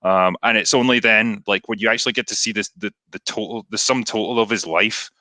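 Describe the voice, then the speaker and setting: A man's voice: lowish voice, brisk, sharp tone, dry recording, low-quality recording. A man being interviewed as a film reviewer, talking in a thoughtful, reflective way. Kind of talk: casual interview talk.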